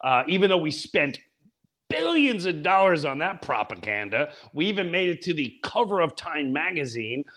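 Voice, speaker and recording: A man in his fifties, a comedian chatting on a podcast, animated and acting out voices with loud outbursts. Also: on the high side, moderate pace. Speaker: guest comedian. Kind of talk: casual podcast chat.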